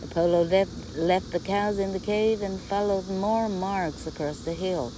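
A woman's voice: medium pitch, fairly even intonation, measured pace, background noise. A woman reading a myth aloud as a storyteller, reading a passage and then retelling it freely. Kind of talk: bilingual read-aloud storytelling.

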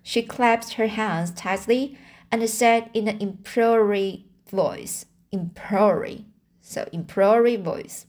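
A woman reads a novel aloud at a slow, careful pace, in an average-pitched voice. She stumbles over harder words and goes back to repeat them. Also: darkish tone. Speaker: reader.

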